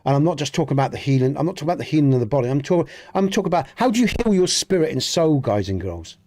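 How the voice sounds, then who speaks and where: Earnest Dorset-accented man, slightly high. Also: sing-song, racing, a little mellow. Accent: Dorset English. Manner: earnest, rambling, with many restarts. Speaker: gaming streamer. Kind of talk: casual chat with live viewers.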